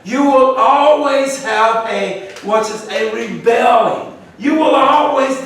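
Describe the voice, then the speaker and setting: Bible study teacher in an echoey church room. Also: male voice, very high-pitched, a bit bright. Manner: call-and-response questioning, repetitive emphasis. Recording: echoey room, far from mic, faint noise.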